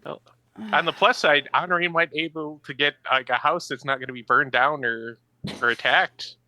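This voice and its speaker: Bright-voiced chatty male player. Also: fairly high pitch, normal speed, no room sound, low-quality recording. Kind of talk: casual tabletop game chat.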